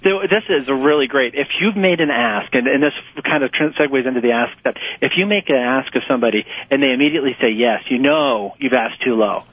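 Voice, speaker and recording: Muffled, tinny phone-line audio with no room sound carries a husky, slightly rough mid-range male voice moving a little fast with few pauses. An author and nonprofit fundraising guest, he answers interview questions in a loose, animated way, laughing readily and slipping into acted-out quotes in a raised voice.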